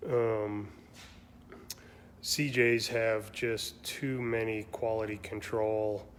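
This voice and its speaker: A man hosting a casual live stream, rambling along with many pauses and ums. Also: on the low side, flat delivery, smooth. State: has the hiccups. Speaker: shop owner hosting a weekly live stream.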